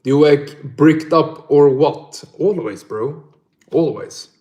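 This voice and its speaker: Slow-talking Swedish man in a roomy echo. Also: fairly high pitch, dark tone. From northern Sweden. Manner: swears a lot, laughs often. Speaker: livestreamer. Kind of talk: casual livestream Q&A.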